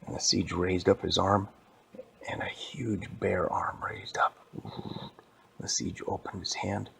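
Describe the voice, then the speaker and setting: A man improvising a story for a child, animated and dropping into whispers for suspense. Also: low voice, unhurried, vocal fry.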